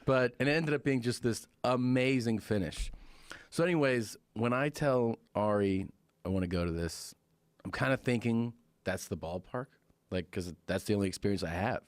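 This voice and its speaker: A man telling a long story in casual podcast chat, animated, acting out the voices of others. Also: mid-range voice, moderate pace, no room sound. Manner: animated storyteller, acts out quotes in raised voices. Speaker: podcast guest.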